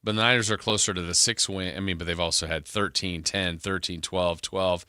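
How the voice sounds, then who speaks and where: Deep, bright-toned man hosting sports radio. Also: steady tone, fairly quick, clear, resonant tone, dry recording, clean studio sound. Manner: rambling, thinks aloud. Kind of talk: casual sports radio talk.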